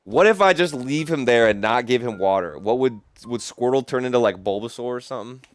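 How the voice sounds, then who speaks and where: Um jovem animado comenta um jogo num tom médio e descontraído, com gírias a toda hora. Ouve-se uma música fraca ao fundo da gravação. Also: male voice, medium pitch, brisk, soft background music. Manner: animated, slangy, says "dude" a lot. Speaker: gaming streamer. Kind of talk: casual gameplay commentary.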